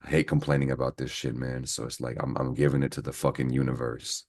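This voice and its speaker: A man's voice: extremely low pitch, little pitch movement, quick pace, a little mellow. A man giving a casual, profanity-laced astrology reading, rambling and venting heatedly as he talks to his viewers. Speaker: astrology reader. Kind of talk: casual horoscope reading to camera.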